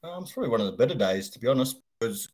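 A middle-aged man with an Australian accent, a guest in a casual interview, talking in a relaxed way with many pauses and ums. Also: medium pitch, slight background noise. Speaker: guest, retired footballer.

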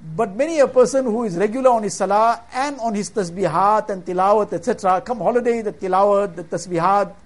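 A man giving a sermon, telling a religious story in an earnest, measured way and weaving in Arabic religious phrases. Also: high voice. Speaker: preacher.

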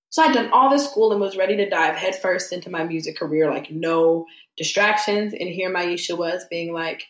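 A woman's voice: medium pitch, brisk, roomy sound. A young adult woman telling a story in casual chat, acting out the voices of the people she quotes. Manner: animated, acts out quoted voices. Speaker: podcast guest.

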